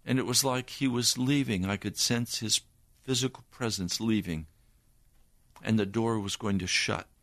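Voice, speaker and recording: An older man, a preacher, giving an earnest personal testimony in a slow storytelling manner. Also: on the low side, steady tone, a bit bright, no room sound.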